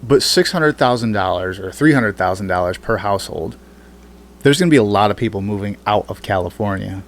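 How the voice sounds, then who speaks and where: A man hosting a casual podcast, rambling and profane, thinking through figures out loud. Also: fairly low pitch, animated, brisk. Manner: rambling, profane, works through numbers aloud. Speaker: podcast host.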